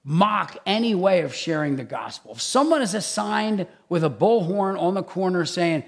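A man who is a pastor, preaching a conversational sermon in an animated, chatty way with many asides. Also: sits high, moderate pace, gravelly, few pauses.

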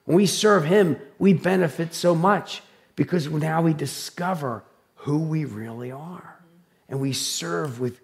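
A man preaching a sermon, telling stories in a loud, animated, dramatic way. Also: fairly high pitch, measured pace, gravelly. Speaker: pastor. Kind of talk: sermon with personal storytelling.

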